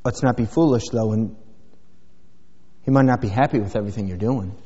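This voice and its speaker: A man's voice: fairly low pitch, brisk, mellow. A middle-aged man preaching a sermon as a pastor, in a rambling, folksy way with many fillers. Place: church sanctuary. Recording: dull sound with long hall reverb.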